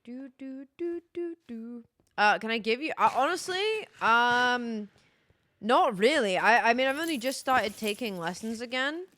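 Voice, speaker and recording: A woman's voice: on the high side, expressive, normal speed, pushed and bright, no echo. A young British woman streaming a game, chatting casually in a rambling, self-correcting way. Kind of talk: casual chat while gaming.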